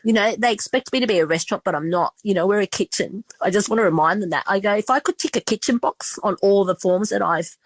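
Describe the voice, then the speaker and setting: A woman's voice: mid-range voice, fast talker, few pauses, dry recording, poor audio. A middle-aged woman with an Australian accent telling stories in a casual interview, chatty and full of restarts and quoted dialogue. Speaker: restaurateur and podcast guest.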